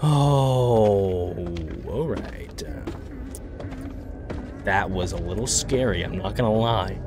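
A man commenting on a horror game playthrough, jumpy and swearing, shouting when startled. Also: lowish voice, takes it slowly, background noise. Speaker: gaming video host.

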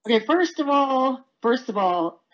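A woman's voice: high voice, animated, measured pace, rough recording. A woman in her forties, angry and swearing in voice chat. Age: 40s.

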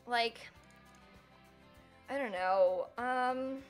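Giggly high-voiced young woman streamer. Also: drawn-out words, faint music behind. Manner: giggly, breaks into helpless laughter. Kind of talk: casual live-stream chat.

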